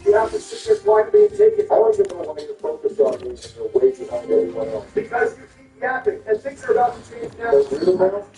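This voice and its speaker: A man's voice: extremely high pitch, huge pitch swings, fast, vocal fry, few pauses, mellow, reverberant, far from the mic, faint music behind, full character voice, low-quality recording. A man voicing bickering, insulting grown men. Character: squabbling grown men trading insults over a board game.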